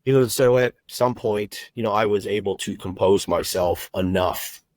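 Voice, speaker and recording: A middle-aged man telling his personal story as a podcast guest, heartfelt and halting, with many fillers and restarts. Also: on the low side, darkish tone, dry recording, poor audio. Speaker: guest, recruiter and agency owner.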